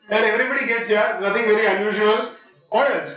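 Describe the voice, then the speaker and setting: A middle-aged man with an Indian English accent and a high-sitting voice gives a playful motivational talk as a guest speaker, quizzing and joking with students. He's in a large lecture hall, and the recording is echoey, picked up by a distant, dull mic.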